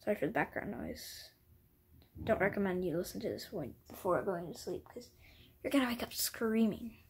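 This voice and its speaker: A woman's voice: mid-range voice, animated, normal speed, husky. A woman vlogger chatting casually at home while showing off her collection, rambling and apologizing often, sometimes dropping to a whisper. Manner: rambling, apologetic, self-deprecating; drops into whispers at times. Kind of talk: casual show-and-tell vlog.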